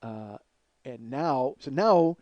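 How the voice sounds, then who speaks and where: A man's voice: medium pitch, expressive, slow, warm tone, no room sound, dull audio. A man telling a long comic story, rambling, self-mocking and cursing freely. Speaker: comedian.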